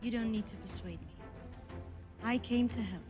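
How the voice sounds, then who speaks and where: An actress with a slight Israeli accent playing a high priestess, calm and certain. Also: female voice, normal speed, music in the background, lightly acted. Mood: serene.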